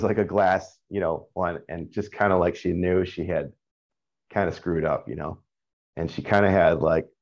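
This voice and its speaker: Deep-voiced man telling a frank story. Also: darkish tone. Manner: rambling, frequent fillers and profanity. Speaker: caller sharing a personal story. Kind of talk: casual candid storytelling. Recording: dull lo-fi sound.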